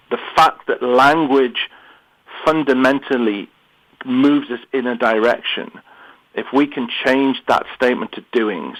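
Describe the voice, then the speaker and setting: A British man speaks as a guest calling in to a radio talk show. He is earnest and often restarts his words partway through, and his voice sits at a middle pitch for a man. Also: a bit bright, low-quality recording. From United Kingdom. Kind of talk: interview on mindset. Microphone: phone or remote line.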